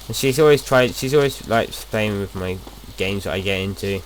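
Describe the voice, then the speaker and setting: Over a faint hiss or hum, a young video host talks through his gameplay at normal speed in a lowish voice. His chatty commentary wanders, and he frequently starts sentences over.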